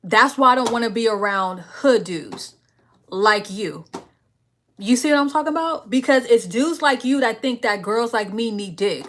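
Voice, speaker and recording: A young woman hosts a late-night live stream and fires back at a commenter in a sassy, confrontational rant. Between bursts she drops low to mutter chat messages half under her breath. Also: animated, normal speed, a bit bright, slight background noise. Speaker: livestream host.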